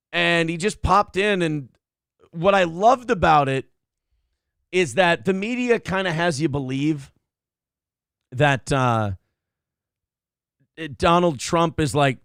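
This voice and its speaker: A man's voice: on the high side, creaky, a bit bright, clear, resonant tone, no echo, clean studio sound. A man hosting a morning show, riffing crudely and comically in casual rambling chat. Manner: crude, joking, rambling storyteller.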